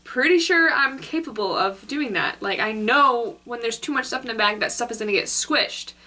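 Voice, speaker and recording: A woman's voice: on the high side, expressive, moderate pace, bright, forceful tone. A young woman telling a work story in a casual storytime vlog, chatty and full of "like.". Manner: chatty, filler-heavy, with lots of "like". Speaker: vlogger.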